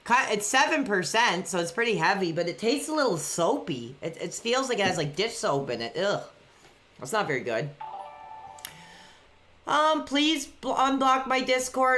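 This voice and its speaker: Bright-voiced woman streaming live. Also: medium pitch, normal speed. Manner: chatty, reads out chat messages between excited play-by-play reactions. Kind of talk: casual live-stream chat reacting to a wrestling show. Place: dark room at home.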